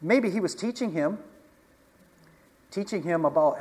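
A man's voice: a little high, expressive, moderate pace, long pauses, a little mellow, husky. A man preaching a casual sermon, talking conversationally, asking the congregation questions and chuckling often. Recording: long hall reverb.

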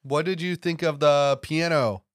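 A man co-hosting a podcast, chatting casually and explaining film references in a relaxed way. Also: fairly high pitch, measured pace, no echo, clean studio sound. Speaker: podcast co-host.

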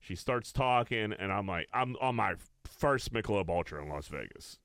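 A man's voice: lowish voice, expressive, moderate pace, fairly bright tone, dry recording. A man hosting a casual comedy podcast, chatting in a laid-back, conversational way. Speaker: podcast host.

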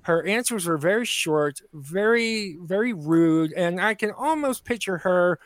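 High-voiced indignant man telling a story. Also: measured pace, no echo. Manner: animated storytelling, indignant, acts out quoted people. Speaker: podcast co-host. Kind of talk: casual comedic chat.

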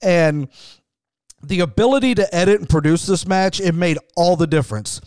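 Man, middle-aged, podcast host, enthusiastic, conversational, slightly high voice, smooth, dry sound. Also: normal speed, darkish tone, no room sound. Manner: enthusiastic, conversational, frequent restarts. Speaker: wrestling show host. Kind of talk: podcast commentary.

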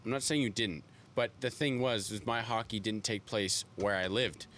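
A young Canadian man co-hosting a casual podcast, rambling through childhood stories with casual swearing and flat denials. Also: fairly low pitch, normal speed, a little hiss or hum. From Toronto area, Canada. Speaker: podcast co-host.

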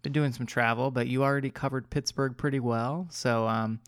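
A man of middle pitch tells a story on a podcast in loose, chatty fashion. He rambles, stumbles on words and pokes fun at himself with frequent laughs. The sound is close and dry. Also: fairly even intonation, normal speed, clean tone, no echo. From Maryland. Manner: rambling, self-deprecating, laughs often, stumbles over words. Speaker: podcast co-host. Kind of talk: casual storytelling chat.

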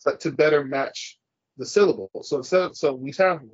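A man's voice: on the high side, brisk, husky, no echo, highs cut off. A man co-hosting a casual podcast, ranting and swearing as he argues his point. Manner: profane, ranting, argumentative. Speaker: podcast co-host.

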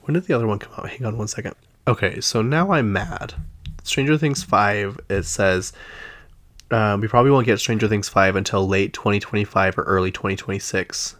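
A man's voice: on the low side, brisk, a bit bright. A man with a Utah accent hosting a casual pop-culture chat, chatty and easily exasperated, with lots of fillers. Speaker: podcast host.

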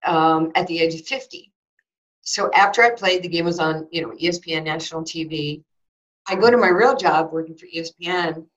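A woman in her sixties, a former basketball player and broadcaster, telling a personal story in an interview, animated and acting out both sides of conversations. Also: deep voice. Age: 60s. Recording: slightly dull lo-fi audio.

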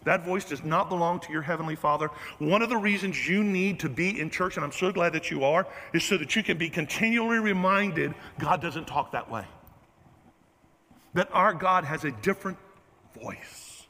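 In a church sanctuary, a pastor whose voice sits high preaches at normal speed, animated and joking, teasing himself while speaking to the congregation, with a long reverb tail behind him.

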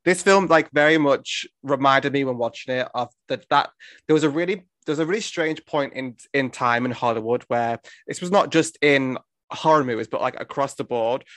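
A man's voice: medium pitch, normal speed, a bit bright, dry recording. A man in casual conversation, animatedly mocking a film's characters with profane jokes. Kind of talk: casual film review chat.

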